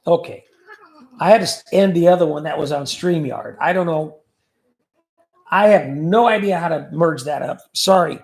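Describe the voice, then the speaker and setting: A man's voice: on the high side, normal speed, creaky, darkish tone. A middle-aged man hosting a casual livestream, joking and reading out viewer comments. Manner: jokey, reads out viewer comments. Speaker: livestream host.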